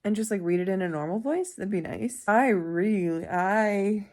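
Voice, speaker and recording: A woman talking casually at home for a weekend book vlog. She is chatty and expressive and laughs often. Her voice sits in a middle pitch. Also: moderate pace. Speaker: book vlogger.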